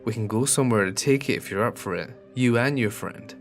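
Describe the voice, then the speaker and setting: A man voicing a menacing young Irish creep with a rough voice, leering and ranting in a storybook horror narration. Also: mid-range voice, a little fast, soft background music, lightly acted. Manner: leering, then ranting and angry.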